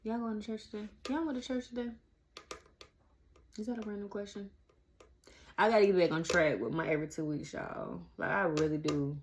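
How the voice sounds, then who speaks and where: A woman's voice: medium pitch, brisk, pauses often, slight background noise. A woman around forty, chatting casually to camera and calling her viewers y'all. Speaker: vlogger.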